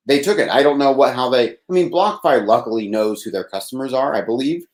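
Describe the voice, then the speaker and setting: A man's voice: medium pitch, a little fast, roomy sound. A man from Texas hosting a live nightly call-in show, rambling and laughing as he talks casually. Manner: rambling, laughs often, swears. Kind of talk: casual live-stream monologue.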